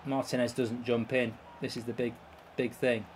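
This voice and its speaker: A man commenting live on a football video game, swearing and reacting loudly to each play. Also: mid-range voice, little pitch movement, normal speed, slight background noise. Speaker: YouTube gaming host.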